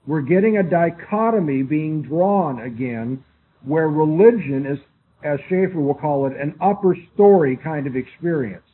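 A man's voice: a little high, expressive, moderate pace, breathy edge. A man giving a classroom lecture who spells out names and repeats his key phrases. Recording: tinny lo-fi recording with faint hiss.

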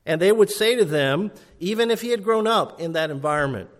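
A man's voice: high voice, animated, brisk. Earnest man preaching a sermon. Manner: earnest, emphatic, rising and falling delivery. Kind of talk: expository sermon.

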